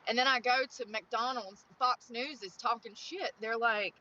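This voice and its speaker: A young woman from North Carolina with a Southern accent, chatting excitedly and swearing as she films herself outdoors on a phone. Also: a little high, normal speed, few pauses, dull audio. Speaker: IRL streamer. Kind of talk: casual outdoor vlog chatter. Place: outdoors on a coast.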